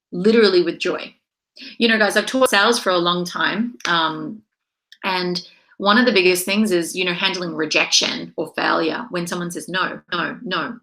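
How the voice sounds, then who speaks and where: A woman in her thirties giving an emphatic, lively motivational talk as a mindset coach, often acting out quoted voices. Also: medium pitch. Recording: echoey room.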